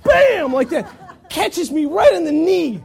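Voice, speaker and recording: Male pastor, very high voice, lively self-mocking sermon storyteller. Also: measured pace, vocal fry. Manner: animated, self-mocking storyteller with acted-out quotes.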